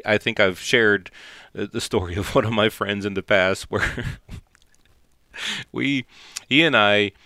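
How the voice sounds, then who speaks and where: Slow, smooth-voiced man talking faith. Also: on the low side, pushed and bright, dry recording, clean studio sound. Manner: unhurried, thoughtful, starts phrases over. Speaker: podcast co-host. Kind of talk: casual faith discussion.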